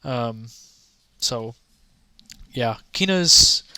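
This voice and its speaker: A man giving casual, rambling commentary on games he has played, halting with many restarts and fillers and offering frank, offhand opinions. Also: mid-range voice, expressive, pushed and bright, clear, resonant tone, no room sound. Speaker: gaming content creator.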